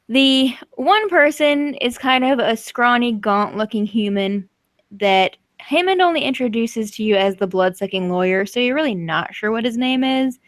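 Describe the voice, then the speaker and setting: Bright-voiced woman narrating a tabletop game. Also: fairly high pitch, dry recording. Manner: chatty, laughing narration. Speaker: game master.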